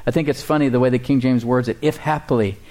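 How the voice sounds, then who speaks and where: A man pastor preaching a sermon, calling out for responses from the congregation and reading scripture slowly and deliberately. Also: mid-range voice, steady tone, darkish tone.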